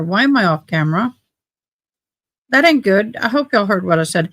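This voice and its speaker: A woman's voice: medium pitch, animated, moderate pace, long pauses, fairly bright tone, no echo. A tired woman hosting a livestream, chatting casually and folksily about her setup. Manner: chatty, folksy, thinking aloud. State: tired, sleepy. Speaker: livestream host. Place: home studio in Texas.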